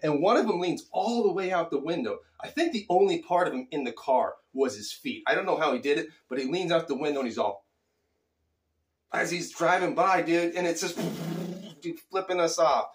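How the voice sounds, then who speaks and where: Middle-aged man, casual storyteller, fairly high and very lively pitch, animated, slangy, chuckling. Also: normal speed.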